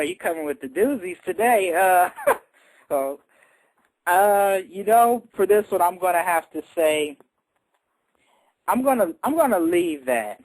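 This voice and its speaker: In a radio studio, a male co-host with a high-sitting voice chats confidently and often laughs while answering quiz questions as a contestant. The casual radio chat is captured in a dry, rough recording.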